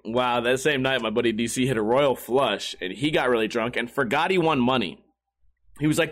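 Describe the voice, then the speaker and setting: A man's voice: medium pitch, expressive, fairly quick, a bit bright. A young man telling a story casually, rambling, swearing and laughing often as a podcast host.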